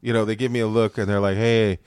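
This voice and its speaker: A man's voice: lowish voice, level tone, very fast, a little mellow, smooth, no echo, clean studio sound. Joking guy on a casual podcast. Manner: joking, swears, says dude a lot. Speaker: podcast co-host. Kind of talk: casual chat.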